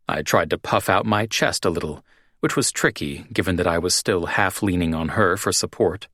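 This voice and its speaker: A man narrating a romance audiobook in the first person, with measured, even storytelling. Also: sits low, no echo, studio quality.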